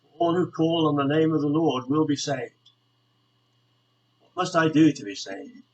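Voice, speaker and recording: A man from a church community reading a devotional reflection aloud in a calm, measured, earnest way. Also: fairly high pitch, muffled recording.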